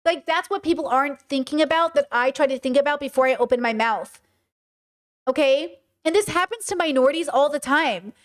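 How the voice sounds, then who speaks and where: Woman livestream commentator, high voice, stern and direct, reads out chat and answers it. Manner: passionate, direct, animated argument. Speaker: streamer and commentator.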